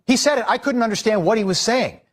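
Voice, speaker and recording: High-voiced man giving an irritated rant. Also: expressive, fast talker. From Irish heritage. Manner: exasperated, scolding. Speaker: news commentator. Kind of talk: opinion commentary.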